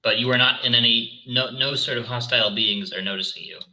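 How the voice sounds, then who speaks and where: A man's voice: mid-range voice, brisk, pushed and bright, low-quality recording. A man running a tabletop game as dungeon master, making rulings and correcting himself with apologies.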